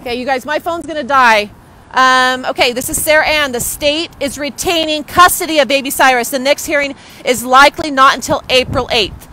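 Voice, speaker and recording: A fairly high-voiced young woman talks into a handheld phone outdoors, indignant and agitated. She walks as she talks, with faint traffic noise behind her. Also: fairly quick, sharp tone, poor audio. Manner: indignant, agitated, repeating herself. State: hurried, walking outdoors. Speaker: citizen livestreamer. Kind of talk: live phone stream. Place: outdoors near a courthouse. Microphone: phone held in hand.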